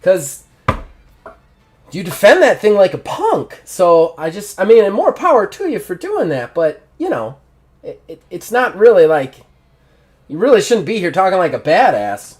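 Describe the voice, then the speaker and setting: A man voices a relaxed, smirking young wrestler who needles his rival with mock praise. His voice rises and falls in a lively, teasing way. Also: sits high, moderate pace, pitched above the performer's own voice. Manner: teasing, mocking. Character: easygoing smirking male wrestler, young adult.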